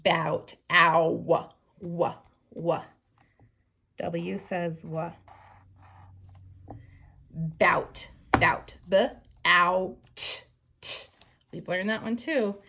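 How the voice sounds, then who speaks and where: A woman teacher giving a phonics writing lesson to young children, slowly sounding out each word letter by letter. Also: fairly low pitch, fairly even intonation, bright, forceful tone, husky. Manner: slow, sounding out words letter by letter.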